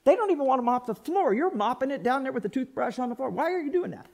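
A pastor voicing a baffled coworker who keeps firing off incredulous questions at someone who works very hard. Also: male voice, very high voice, big pitch swings, fast talker, vocal fry, darkish tone, voice pushed up, full character voice.

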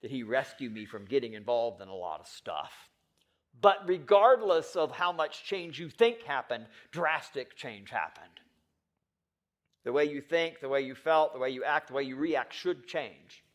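A male pastor delivering a sermon, swinging from low, quiet lines to loud, pressing ones and putting questions straight to the congregation. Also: lively intonation, measured pace.

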